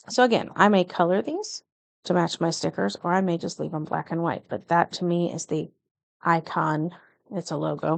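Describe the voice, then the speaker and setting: Chatty middle-aged lady planner vlogger, keeps correcting herself, bit of vocal fry. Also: low-pitched, no echo. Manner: chatty, self-correcting, a little nervous. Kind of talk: casual plan-with-me narration.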